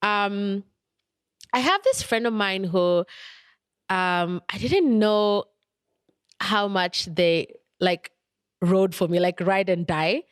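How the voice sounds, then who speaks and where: A young woman talks candidly and thoughtfully as she hosts her podcast, her voice smooth and clean. She wanders through stories with easy "likes" and "ums". The sound is dry and close, with no room around it. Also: medium pitch, expressive, slow, long pauses, no room sound. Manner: candid, thoughtful, with frequent "like" and "um" fillers. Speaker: podcast host. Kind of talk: reflective personal storytelling.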